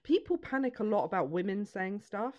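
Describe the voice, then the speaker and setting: A woman in her thirties talks about her comedy work in relaxed, blunt chat. She swears freely and breaks into quick laughs. Her voice sits at a middling pitch. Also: lo-fi sound. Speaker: comedian and podcast host. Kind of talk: casual chat.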